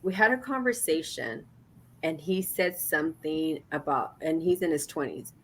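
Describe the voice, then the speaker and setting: Lower-voiced animated woman host. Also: normal speed, slight background noise. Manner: animated storyteller, acts out quoted dialogue; emphatic, repeats points. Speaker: podcast host. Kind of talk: casual chat.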